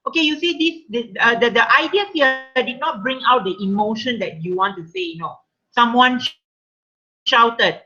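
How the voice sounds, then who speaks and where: Bright Malaysian English teacher, dull call audio. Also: female voice, on the high side, animated, normal speed. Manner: frequent "okay" check-ins, reads example sentences aloud. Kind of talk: online workshop teaching.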